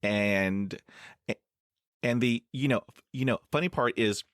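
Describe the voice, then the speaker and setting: A middle-aged man hosts a casual conversational interview podcast, his medium-pitched voice at a measured pace on a dry, clean studio recording. He stutters with blocks and repeated sounds, laughs easily, and uses "you know" as a filler again and again.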